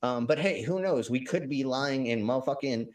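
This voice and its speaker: A man's voice: medium pitch, normal speed, darkish tone. A man hosting a live stream, chatting casually in a rambling, profane way with many restarts and fillers. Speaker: stream host. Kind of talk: casual chat.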